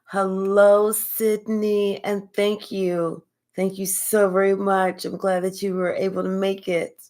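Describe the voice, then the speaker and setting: This is an older woman presenting a spiritual reading livestream, where she talks casually and fondly thanks viewers by name. She speaks slowly in a mid-range voice.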